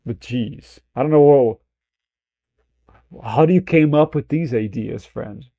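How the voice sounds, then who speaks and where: A man's voice: mid-range voice, slow pace, vocal fry, no room sound, dull audio. A man streaming casual reaction commentary, rambling, swearing freely and laughing at himself. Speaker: streamer reacting to a film clip.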